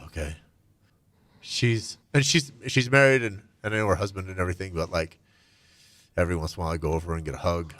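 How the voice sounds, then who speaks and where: A middle-aged man telling his own story candidly and reflectively, his voice often trailing off soft and low. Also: quick pace, no echo. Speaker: guest.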